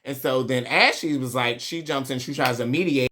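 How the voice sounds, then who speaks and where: A man's voice: mid-range voice, normal speed, hardly any pauses, fairly bright tone. A man hosting a casual reality TV recap, chatty, slangy and profane, laughing often.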